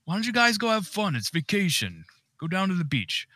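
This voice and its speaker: A man playing an exasperated, excitable dad. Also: high voice, a little fast, dry recording, exaggerated voice. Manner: exasperated, chatty, easily excited. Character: harried middle-aged dad on vacation. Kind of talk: comedic horror audio skit.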